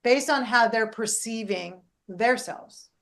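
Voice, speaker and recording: A middle-aged woman, a life coach and podcast host, talking in a casual, animated way and often checking in with "right?". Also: a little high, takes it slowly. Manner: animated, keeps adding "right?".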